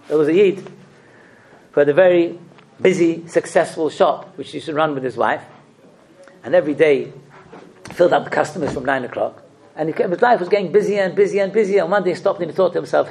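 A man giving a religious sermon, asking rhetorical questions and telling stories with expressive delivery. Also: on the high side, fast talker, vocal fry, pauses often. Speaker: rabbi giving a talk.

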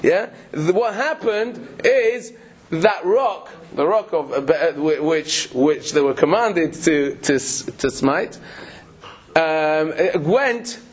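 Husky man teaching a Torah class. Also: a little high, animated, takes it slowly. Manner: explains with questions, many restarts, frequent laughs. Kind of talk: Torah class explaining Rashi.

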